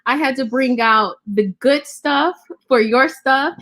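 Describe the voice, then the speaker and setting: A woman joining a video call as a guest friend, talking in a warm, proud, gushing way. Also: high-pitched, slow. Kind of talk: casual video call chat.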